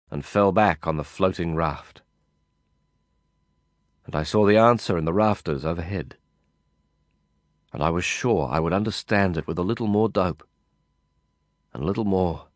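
A man reading a first-person novel aloud in a measured, brooding way. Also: low-pitched, no echo, studio quality. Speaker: audiobook narrator.

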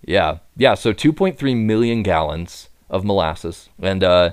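A man with a fairly low voice, heard dry and close to the mic. He tells a story in casual chat, full of fillers, and his voice jumps up when he laughs. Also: lively intonation, a little slow, clear, resonant tone, dry recording. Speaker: podcast co-host.

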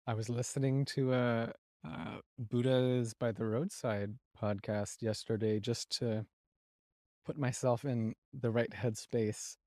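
Measured podcast guest on a call. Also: medium pitch, steady tone, mellow, no room sound, clean studio sound. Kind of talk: casual chat wrapping up a remote conversation.

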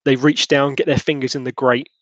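A man's voice: medium pitch, little pitch movement, a little fast, no echo, lo-fi sound. A man narrating as game master of a tabletop horror game, rambling with many fillers and restarts.

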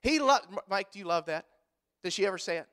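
A man pastor preaching a sermon in a church, animated and joking with the congregation, acting out quotes in other voices. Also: sits high, quick pace, clean tone.

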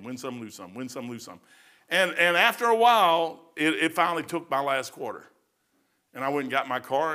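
A male pastor preaches in a bright, forceful voice that sits a little high for a man. He swings between easygoing, folksy storytelling and bursts of fervent preaching. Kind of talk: sermon.

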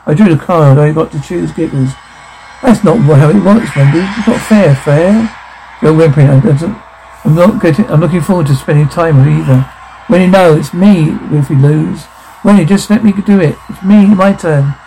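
A man reading a film's dialogue and its sound captions aloud, in a flat delivery that speaks the sound cues too. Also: fairly high pitch, a little hiss or hum, low-quality recording.

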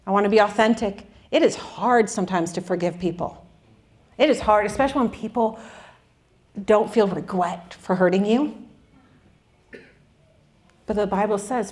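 A woman's voice: mid-range voice, moderate pace, pauses often, a little mellow. A woman in her forties giving an earnest, candid faith talk with touches of self-deprecating humor. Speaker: Christian speaker.

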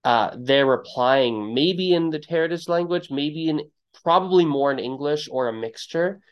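A man hosting a podcast interview in a relaxed conversational way, telling stories and acting out what people said with sudden jumps in his voice. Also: normal speed, clear, resonant tone, highs cut off. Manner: storytelling, acts out quotes with big pitch jumps. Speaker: podcast host.

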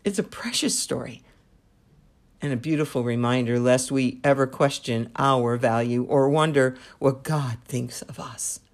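A woman's voice: a bass voice, fairly even intonation. A woman hosting a devotional podcast, telling a story and drawing a faith lesson from it. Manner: slow and deliberate.

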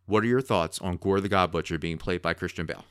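A man co-hosting a podcast in casual chat, talking in an excitable, rambling way. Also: sits low, quick pace, clear, resonant tone, dry recording, clean studio sound. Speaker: podcast co-host.

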